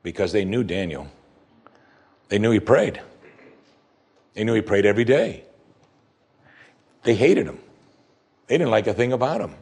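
A man's voice: fairly low pitch, animated, normal speed, long pauses, a little mellow, slightly rough. A man preaching a sermon, reading scripture aloud and commenting on it with rising emphasis. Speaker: pastor.

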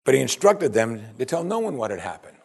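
Husky-voiced preacher with lively pitch. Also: male voice, brisk. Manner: animated, rhetorical questions to the congregation. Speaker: pastor. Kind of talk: sermon.

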